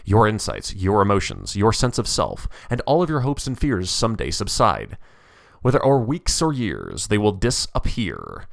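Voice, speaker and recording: An ancient male philosopher's spirit speaks in a low, measured, solemn voice, as a man reads him aloud. His lines rise and fall widely as he lectures. The sound is close and dry. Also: huge pitch swings, vocal fry, no echo, full character voice. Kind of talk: dramatic reading of a story.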